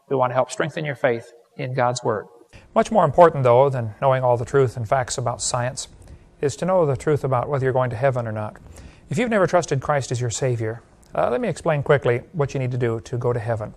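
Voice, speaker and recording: A man's voice: mid-range voice, fast talker, big-room sound. A man preaching, joking with his audience before an earnest altar call. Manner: folksy, joking with the crowd, earnest pleading. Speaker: evangelist.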